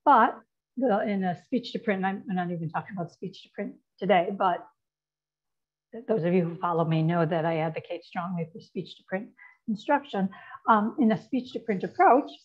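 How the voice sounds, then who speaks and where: A woman's voice: medium pitch, normal speed, highs cut off. A woman presenting a lesson on spelling to teachers, explaining step by step and checking in with "right?" and "okay?". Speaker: literacy educator presenting. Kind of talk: instructional presentation.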